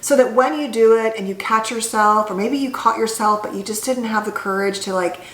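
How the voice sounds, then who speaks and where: A woman's voice: a little high, fairly quick, a bit bright. A woman psychologist talking to camera in a casual, conversational way about healing, with many fillers and restarts. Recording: echoey room.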